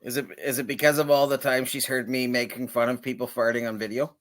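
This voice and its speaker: A man's voice: mid-range voice, level tone, fast, fairly bright tone. A man chatting casually on a video call, rambling with lots of filler words and chuckling often. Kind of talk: casual chat.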